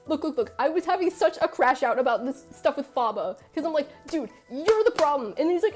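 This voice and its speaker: High-voiced excitable woman streamer ranting. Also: fast talker, hardly any pauses, soft background music. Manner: excitable ranting, laughs and swears. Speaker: streamer reacting to a game. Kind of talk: live-stream reaction chat.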